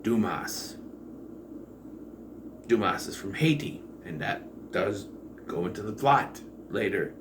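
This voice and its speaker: A man giving a casual, rambling movie review, full of fillers and the occasional swear, jumping between loud excitement and quiet asides. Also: on the low side, slow, long pauses, background noise. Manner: rambling and digressive, with profanity and many fillers.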